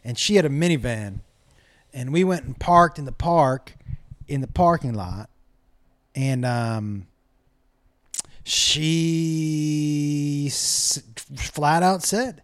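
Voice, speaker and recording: A man's voice: a little high, takes it slowly, long pauses, dry recording. A man telling a profane comic story in a casual way, acting out the other people's lines. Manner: profane, animated, acts out quotes. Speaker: comedian storyteller.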